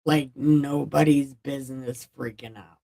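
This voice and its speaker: Irreverent woman host paraphrasing scripture, slow and low, a bit off-mic. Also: steady tone, creaky, mellow, far from the mic, rough recording. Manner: irreverent, swears, loose paraphrase. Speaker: Bible-reading video host. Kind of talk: casual Bible retelling with commentary.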